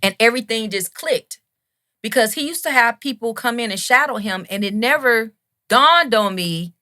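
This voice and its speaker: A woman, a singer and radio host, telling an animated story as a podcast guest. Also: a little high, moderate pace, no room sound. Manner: animated, acts out quoted voices. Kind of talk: casual storytelling chat.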